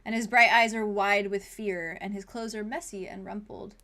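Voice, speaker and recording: A woman's voice: medium pitch, steady tone, normal speed, sharp tone. A woman running a tabletop role-playing game as game master, narrating scenes with frequent laughs and fillers. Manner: laughs often, many fillers, vivid descriptive narration.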